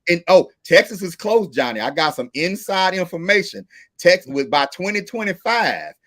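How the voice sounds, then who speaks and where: A man hosting a podcast in casual, animated talk, often asking "right?". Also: high voice, normal speed, no echo, clean studio sound. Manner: animated, seeks agreement with "right?". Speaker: podcast host.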